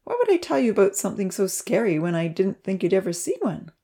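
A woman voicing a calm, kindly grown man who talks slowly and heavily in a storybook reading. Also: mid-range voice. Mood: grave. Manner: slow, heavy, measured speech.

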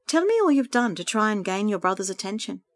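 A woman reading a story aloud, voicing a kind woman friend who speaks gently and encouragingly. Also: medium pitch, big pitch swings, quick pace, no room sound, voice pushed up, lightly acted. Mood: gentle.

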